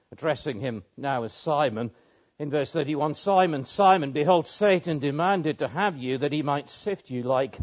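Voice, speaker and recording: A man preaching a measured expository sermon, with pauses and small restarts. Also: mid-range voice, a little mellow, husky. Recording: muffled lo-fi sermon recording.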